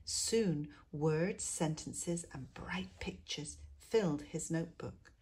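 A woman reads a children's picture book aloud, taking her time over every phrase. Her low, slightly husky voice turns hushed and soft in the quiet passages. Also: slow. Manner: expressive, drops to a hush in quiet moments. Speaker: teacher reading to pupils. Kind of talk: storybook read-aloud.

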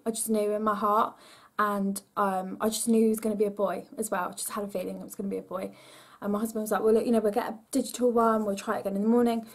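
A young woman telling her own story in a personal vlog, hesitant and emotional, with many pauses and restarts. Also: medium pitch. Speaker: vlogger.

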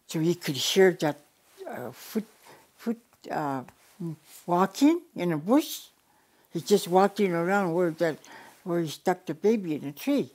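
An older woman from the Yukon with a notably low voice recounts an old family story as an elder storyteller. She speaks plainly and unhurriedly, often going back over her words and starting phrases again. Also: expressive, a little slow, a little mellow. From Yukon, Canada. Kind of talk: oral storytelling.

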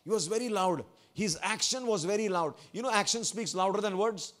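Pastor guy preaching, fairly high voice, keeps asking the church questions and repeating himself. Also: a little fast, fairly bright tone. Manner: repeats phrases for emphasis. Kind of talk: sermon.

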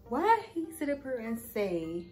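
A woman's voice: a little high, very animated, measured pace, a little mellow, soft background music, low-quality recording. A woman telling a casual storytime to her viewers, chatty and swearing freely as she talks to them. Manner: chatty, cursing freely, addresses viewers as y'all. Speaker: vlogger.

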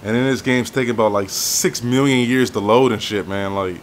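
A young man swearing and venting through gameplay commentary, with loud outbursts that sink into low, weary muttering. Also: brisk, a little hiss or hum. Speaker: gaming YouTuber.

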